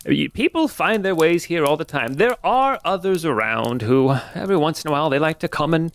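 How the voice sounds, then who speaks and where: A man voicing a kindly old woman who keeps a tavern, in a high old-lady voice. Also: expressive, a little fast, clear, resonant tone. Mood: welcoming.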